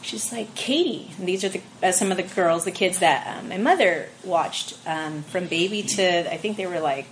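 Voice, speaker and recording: A young woman telling an emotional personal story in a group discussion, halting and full of fillers. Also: on the low side, slight background noise, rough recording.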